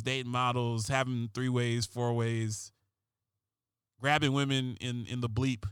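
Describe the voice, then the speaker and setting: A man's voice: mid-range voice, pushed and bright, clear, resonant tone, no room sound. A man doing a sarcastic, rambling comedic monologue as host, often restarting his sentences.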